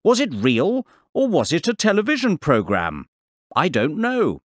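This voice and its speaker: A man playing a professor who tells children what he saw, in a slow, clear and very expressive storytelling voice. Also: on the high side, dry recording, clean studio sound, exaggerated voice. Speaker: voice actor on a course audio CD. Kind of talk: scripted storytelling for young learners. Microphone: close studio mic, dry.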